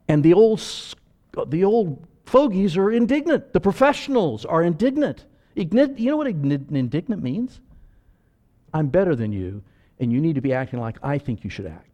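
A man preaching a sermon as pastor, animated and acting out voices, moving between loud and soft. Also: on the high side, normal speed.

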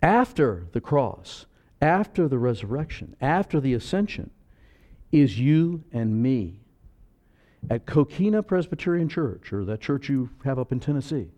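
A man preaching a sermon as pastor, animated and acting out voices, moving between loud and soft. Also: medium pitch, measured pace.

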